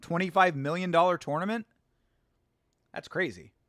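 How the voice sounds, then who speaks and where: A man hosts a live watch-along stream in loose, rambling chat, often restarting his sentences as he spins a story. His voice sits on the higher side for a man. The sound is dry and close with little room echo. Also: normal speed, fairly bright tone. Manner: chatty, rambling, with restarts and laughs.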